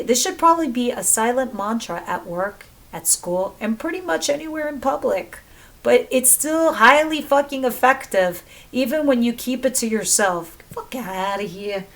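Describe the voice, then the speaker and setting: A woman giving a casual tarot reading, chatty and swearing freely as she talks to viewers. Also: fairly high pitch. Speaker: tarot reader.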